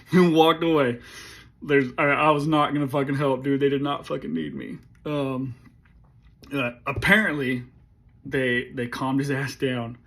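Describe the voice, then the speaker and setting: A man in his forties, an army veteran, telling a story in a casual, laid-back way, swearing freely and often clearing his throat. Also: medium pitch, fairly bright tone.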